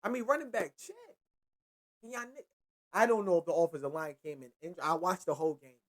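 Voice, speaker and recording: A man's voice: on the high side, fairly quick, a bit bright. A young man hosting a casual sports show, ranting in a slangy, profane and repetitive way. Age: young adult. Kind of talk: casual sports commentary rant.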